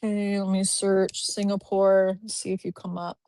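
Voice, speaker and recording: A woman's voice: mid-range voice, flat delivery, moderate pace, hardly any pauses, warm tone, no echo. A woman recruiter hosting a live stream, chatting casually and upbeat as she reviews profiles from a home office. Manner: chatty, upbeat, thinks aloud while clicking through profiles. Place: home office with a dog nearby.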